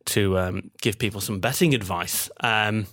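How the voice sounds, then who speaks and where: A man's voice: lowish voice, measured pace, a bit bright, no room sound. Rambling man, dry close sound. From Manchester, England. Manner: rambling, self-deprecating, many ums. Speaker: podcast host. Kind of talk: casual sports betting chat.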